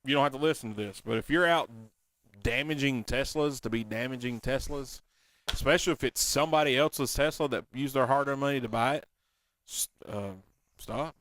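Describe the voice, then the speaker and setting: A man's voice: mid-range voice, a little fast, fairly bright tone, dry recording. A man hosting a casual radio show, talking bluntly in a folksy, ranting way.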